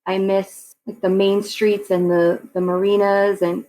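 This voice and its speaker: A woman's voice: mid-range voice, little pitch movement, measured pace, mellow, poor audio. A woman in her forties from Long Island, chatting as a podcast guest with easy laughs and many fillers. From Long Island, New York. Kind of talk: casual interview chat.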